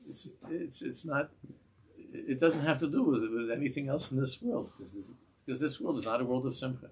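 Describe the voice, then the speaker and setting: A rabbi gives a class in a synagogue, speaking earnestly in a husky, mid-range voice at a moderate pace. He restarts phrases and mixes in Hebrew terms as he delivers his sermon.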